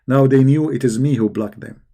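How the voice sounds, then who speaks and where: A man hosting a casual livestream, talking in a mocking, animated way with quick asides. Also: mid-range voice. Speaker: host.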